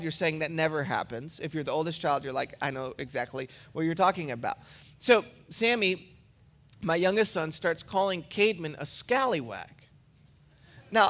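A man's voice: high voice, a bit bright. A man and pastor giving a sermon, preaching in a casual, storytelling way.

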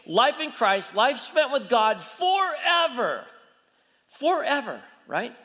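A male pastor in full sermon mode, retelling a story and acting out the people in it, with constant rhetorical questions. His voice sits high and rings bright and clear. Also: big pitch swings, slow, big-room sound.

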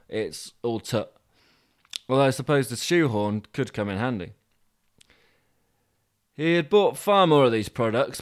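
A man narrating a comic story with dry, deadpan asides. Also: medium pitch. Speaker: podcast host and storyteller.

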